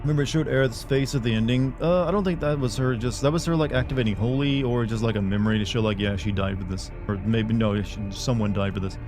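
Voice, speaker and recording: A man's voice: mid-range voice, quick pace, few pauses, music in the background. A young man streaming a game live, chatting casually to his viewers in a rambling way full of fillers. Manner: rambling, talks to chat with many fillers. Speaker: livestreamer. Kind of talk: casual live gameplay chat.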